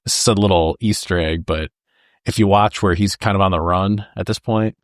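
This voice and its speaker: A man's voice: deep voice, fairly quick, dry recording, clean studio sound. A man co-hosting a podcast, retelling movie scenes in casual chat and acting out the lines with laughs. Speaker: podcast co-host. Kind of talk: casual film discussion.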